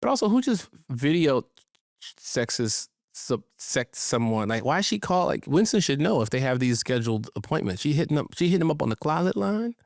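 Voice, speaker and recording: A man co-hosting a podcast, casually recapping a sitcom episode in a relaxed conversational way. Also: mid-range voice, brisk, gravelly, hardly any pauses, no echo, clean studio sound. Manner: relaxed, conversational, slips into quoted voices. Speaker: podcast co-host.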